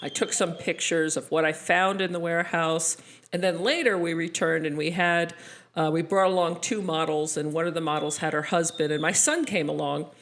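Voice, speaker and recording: A woman co-hosting a podcast, telling stories in a lively way and laughing often. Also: sits low, moderate pace. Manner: animated storyteller, laughs often. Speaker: podcast co-host. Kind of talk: casual storytelling chat.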